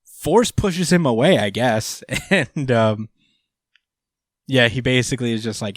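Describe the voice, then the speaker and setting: A man's voice: mid-range voice, unhurried, pauses often, no room sound, clean studio sound. Laid-back man swearing through a recap. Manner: laid-back, swears freely, many fillers. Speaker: podcast host. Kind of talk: casual chat, recapping a manga chapter.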